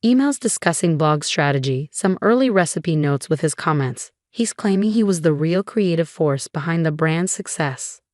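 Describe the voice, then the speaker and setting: A woman's voice: low voice, expressive, normal speed, hardly any pauses, a little mellow, no echo, clean studio sound. Woman narrator reading a businesslike woman reporter. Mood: probing.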